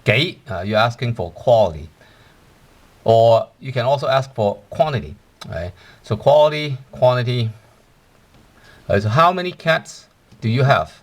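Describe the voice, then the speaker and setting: A man's voice: mid-range voice, big pitch swings, measured pace, long pauses. A man gives a language lesson, explaining step by step. He pads his talk with "uh" and checks in with "right?" after nearly every point. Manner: explanatory, with frequent fillers and tag questions. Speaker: language teacher.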